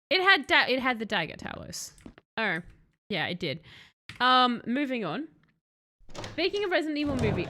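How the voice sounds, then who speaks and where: Bright high-voiced woman streamer. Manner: chatty, sarcastic, talks to the game character and chat. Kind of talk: casual let's-play commentary.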